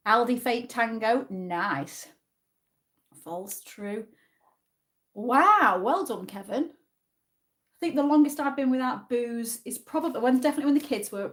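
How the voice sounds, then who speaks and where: A woman from Yorkshire in northern England, with a mid-range voice, hosts a relaxed livestream chat that includes a quiz. She reads viewers' comments aloud and answers them in an easygoing, friendly way, as if they were sitting in the room with her.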